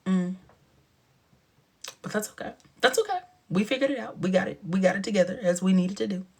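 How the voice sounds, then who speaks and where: A man with a husky, slightly breathy voice hosts a casual livestream and chats straight to his viewers. He tells stories with animation, acting out quoted lines and slipping into hushed asides. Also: sits high, fairly quick. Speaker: livestream host.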